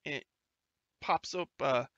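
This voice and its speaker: A man running a tabletop game as game master, laughing often and dropping into quick character lines. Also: fairly high pitch, fairly bright tone, no room sound, lo-fi sound.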